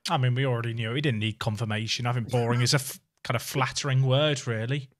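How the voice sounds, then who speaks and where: A man's voice: medium pitch, fairly even intonation, fast talker. A man hosting a game stream, joking with friends over a voice call in a dry, teasing way. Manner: dry teasing, mock-accusing. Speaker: streamer and host. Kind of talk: casual banter on a game stream.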